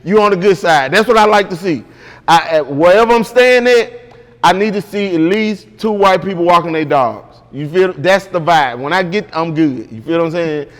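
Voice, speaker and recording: A man's voice: high voice, expressive, moderate pace, in a large hall. A man guest in an interview, telling a story casually and with animation, full of slang and repeated "bro".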